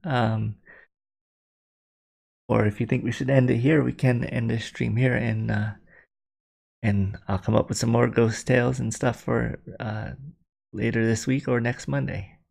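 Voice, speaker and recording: A man's voice: mid-range voice, flat delivery, measured pace, vocal fry, long pauses, darkish tone. A man hosting a casual livestream, rambling and apologetic, with many fillers and restarts. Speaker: livestream host.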